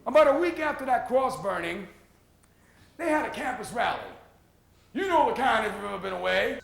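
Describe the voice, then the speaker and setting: High, bright-voiced New storyteller man. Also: animated, moderate pace, gravelly. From Puerto Rican, raised in New York. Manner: loud, punchy storytelling. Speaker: solo performer. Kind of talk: comic one-man stage monologue. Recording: echoey room with faint ambience.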